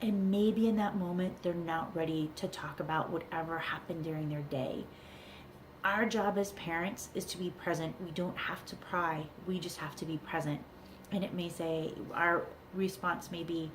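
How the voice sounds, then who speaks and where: A woman's voice: lowish voice, normal speed, slight background noise. A middle-aged woman, a parenting coach, giving earnest advice to camera and repeating key words for emphasis. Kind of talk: talking-to-camera advice video.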